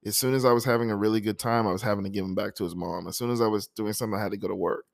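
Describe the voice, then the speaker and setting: A man with a lowish voice tells a personal story in a soft, halting, emotional way. The recording is dry and close, with no room sound. He pauses often as he gathers himself before reading his poem. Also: steady tone, vocal fry, no room sound. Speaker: poet introducing a poem.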